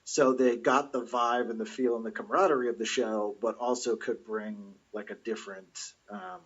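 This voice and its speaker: A husky man in his forties, a comedian guesting on a casual podcast, who explains things in detail. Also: medium pitch, steady tone, normal speed, a bit bright, lo-fi sound. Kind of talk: casual chat.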